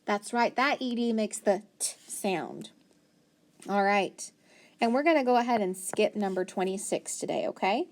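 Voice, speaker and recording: A woman's voice: medium pitch, normal speed. A woman teacher leading a phonics lesson for young children, patiently sounding out words and praising answers.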